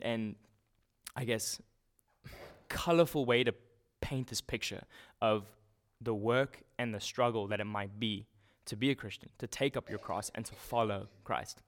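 Man preaching a relaxed, informal sermon. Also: mid-range voice, measured pace. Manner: relaxed, informal, with frequent restarts and fillers. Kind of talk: conversational sermon.

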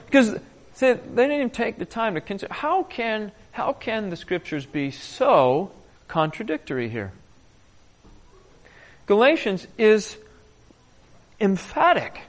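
A man preaching in a conversational way, telling stories with animation and often clearing his throat. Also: sits high. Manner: animated storytelling. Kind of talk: conversational Bible teaching.

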